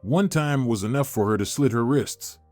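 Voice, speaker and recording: A man's voice: mid-range voice, moderate pace, a little mellow, dry recording, faint music behind, natural voice. A man voicing a serious, annoyed young husband in a story narration.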